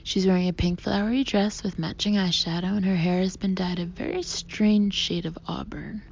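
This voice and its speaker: Woman narrating a story, gravelly low-key voice, breathy half whispers, muffled audio w/ faint hiss. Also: fairly even intonation, normal speed, darkish tone. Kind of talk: first-person audiobook narration.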